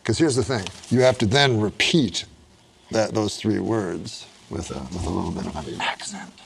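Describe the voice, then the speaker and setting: A man's voice: on the low side, animated, moderate pace, gravelly, slight background noise. A man hosting a talk show, bantering casually with guests over joke cards and often cracking up laughing. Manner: giggly, teasing, breaks into laughter.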